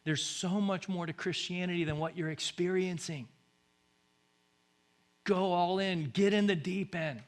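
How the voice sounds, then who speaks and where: A man preaching a sermon as pastor, booming through scripture and then dropping to soft, hushed appeals, often repeating words as he presses a point. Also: unhurried, pauses often.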